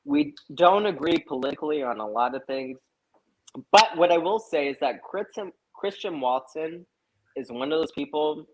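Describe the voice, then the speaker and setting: A man's voice: a little high, animated, normal speed, low-quality recording. A young man, a guest on a live stream, telling a story in casual chat, swearing a lot and filling with "like". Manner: profane, lots of "like" fillers.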